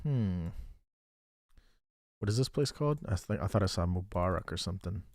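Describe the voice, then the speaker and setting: A man's voice: low voice, expressive, moderate pace, a little mellow, no room sound. A man streaming a geography game, thinking aloud in a chatty way and thanking viewers as he plays. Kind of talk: casual live-stream game commentary.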